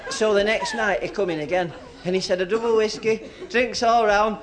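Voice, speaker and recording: Chuckling comic, loud club crowd. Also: male voice, sits high, normal speed, heavy background noise. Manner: rambling, chuckling between jokes. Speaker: stand-up comedian. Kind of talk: stand-up joke telling.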